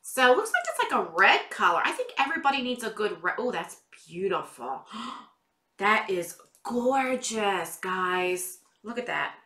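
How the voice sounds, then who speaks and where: A woman's voice: mid-range voice, big pitch swings, measured pace, pushed and bright, echoey room. A woman chatting through a beauty box unboxing in a casual vlog, a little stuffy from a cold. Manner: chatty, exclaiming over products.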